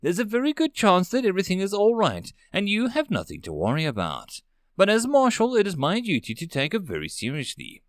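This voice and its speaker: A man performs the part of a stern, commanding female marshal firing off quick orders, his pitch swinging lively. The sound is close and dry, with no room echo, and the mood is urgent.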